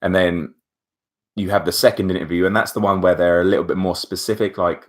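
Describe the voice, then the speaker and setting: A young man with a deep, low-set voice vlogs straight to camera. He retells his day in a chatty, animated way, with plenty of asides along the way. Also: fairly quick. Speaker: vlogger. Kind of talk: casual storytelling to camera.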